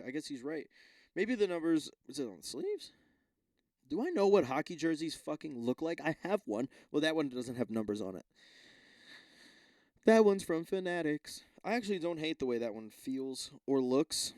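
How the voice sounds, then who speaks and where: Profane rambling man with a mellow voice. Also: fairly high pitch, no echo, studio quality. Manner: rambling, profane, self-interrupting. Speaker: podcast host. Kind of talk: casual solo rant.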